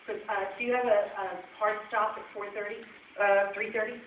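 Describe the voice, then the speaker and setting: A woman's voice: medium pitch, flat delivery, fairly quick. A woman presenting nursing case studies at a convention session and quizzing the audience as she goes. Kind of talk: conference talk. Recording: echoey hall from far off, phone-like and noisy.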